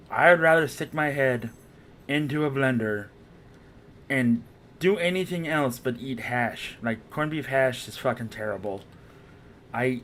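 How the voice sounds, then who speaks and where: A male game streamer talks off the cuff, rambling and swearing freely and poking fun at himself. His voice sits at an ordinary middle pitch, with faint room ambience behind it. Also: a bit bright, a little hiss or hum. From Irish heritage. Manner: rambling, profane, self-mocking. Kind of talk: casual stream chat.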